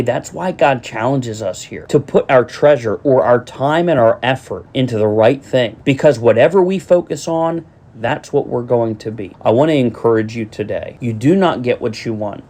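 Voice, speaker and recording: A middle-aged man delivers a sermon with earnest conviction. He speaks straight to his congregation and circles back to the same refrains, his voice sitting at an ordinary pitch. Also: mellow. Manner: earnest preaching with repeated refrains and direct address. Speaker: pastor.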